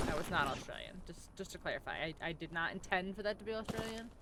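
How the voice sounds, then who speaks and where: A woman's voice: lowish voice, expressive, fast, hardly any pauses. A woman streaming a survival game, chatting casually and jokingly with a friend. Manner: joking, giggly and blunt. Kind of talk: casual gaming chat. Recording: loud game noise behind.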